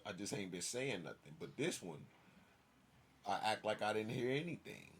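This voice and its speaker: A man telling a personal story in a casual monologue, emphatic and swinging from loud outbursts to hushed asides. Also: lowish voice, big pitch swings, normal speed, a little hiss or hum. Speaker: storyteller vlogger.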